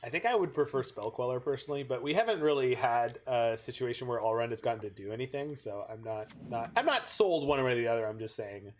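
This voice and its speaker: A man's voice: mid-range voice, animated, fast, few pauses, a little hiss or hum. A man from Canada chatting casually while he plays a card game on stream and thinks aloud. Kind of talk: casual gameplay chat.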